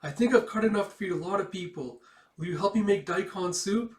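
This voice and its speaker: A frightened, guilt-ridden little girl speaks in a high, pleading voice, as a man puts her on while reading a comic. The sound is roomy and picked up from a distance. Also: fairly quick, close to an everyday voice. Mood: tearful.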